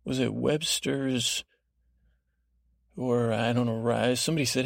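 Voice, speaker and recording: A man rambles through a slow bedtime monologue with a low, gravelly fry in his voice. He keeps a lulling, drowsy tone and trips over his own words with many restarts. The sound is close and dry, with no room around it. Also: steady tone, no echo. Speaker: podcast host.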